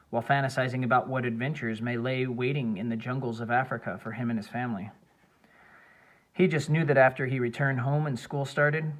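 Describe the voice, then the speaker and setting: A man's voice: mid-range voice, a bit bright. Man narrating an audiobook. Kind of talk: scripted narration.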